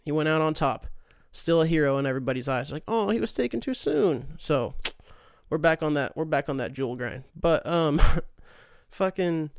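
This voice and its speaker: A man's voice: on the high side, normal speed, smooth, no room sound, studio quality. A man in his late twenties, a podcast host ranting casually with profanity and sarcasm. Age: late 20s. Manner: profane, sarcastic, animated mock voices. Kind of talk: casual rant.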